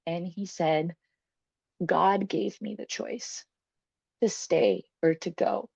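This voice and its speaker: A woman's voice: lowish voice, fairly even intonation, takes it slowly, gravelly, long pauses, a little mellow, slightly rough, dry recording. A young woman telling a personal story as a podcast guest, candid and emotional, swearing freely and laughing often. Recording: dull, dry, lo-fi podcast sound.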